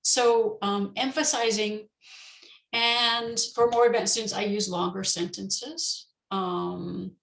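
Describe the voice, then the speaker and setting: A woman teacher giving an online conference talk on teaching pronunciation, explaining in a relaxed way with many ums and restarts. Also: mid-range voice, slow pace, creaky, roomy sound, poor audio. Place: indoors, online session.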